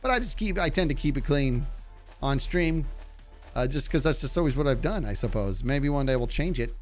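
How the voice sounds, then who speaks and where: An adult man with a nasal, medium-pitched voice talks expressively and a little fast on a gaming livestream, with soft background music. The streamer chats casually, reading and replying to his chat while he plays.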